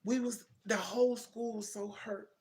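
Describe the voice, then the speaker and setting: A woman's voice: a little high, fairly even intonation, normal speed, a little mellow. A young woman casually telling a heartfelt personal story on a livestream, rambling and correcting herself as she goes. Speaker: livestream host.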